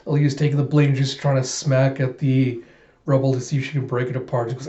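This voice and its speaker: A man eagerly retelling a comic book aloud in an excited, animated readthrough. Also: mid-range voice, fast talker, reverberant, lo-fi sound. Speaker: host reading a comic aloud.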